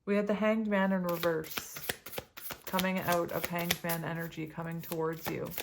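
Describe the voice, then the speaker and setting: A woman doing a casual tarot reading for her viewers, excitable and laughing often as she talks straight to them. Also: fairly low pitch, moderate pace, creaky, very noisy. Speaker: tarot reader.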